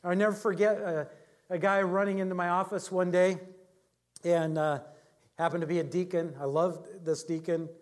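Middle-aged male preacher, casual anecdotal delivery, voice sits a bit high. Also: level tone, normal speed. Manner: conversational storytelling, chuckles often. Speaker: pastor. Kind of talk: sermon with personal anecdotes.

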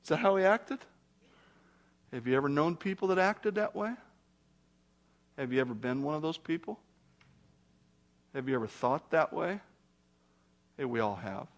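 High-voiced middle-aged male preacher. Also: normal speed, pauses often. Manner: animated, conversational preaching with rhetorical questions. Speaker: pastor. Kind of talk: sermon.

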